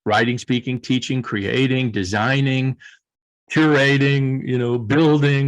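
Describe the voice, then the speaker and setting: A man's voice: medium pitch, steady tone, a little slow. A middle-aged man with a Southern US accent, speaking as a guest coach in an earnest, reflective way and often restarting his phrases.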